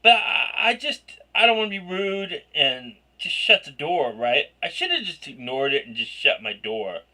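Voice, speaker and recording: A man telling an embarrassing story in a casual vlog rant, rambling and excitable, often bursting into loud shouts. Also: a little high, moderate pace. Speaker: vlogger.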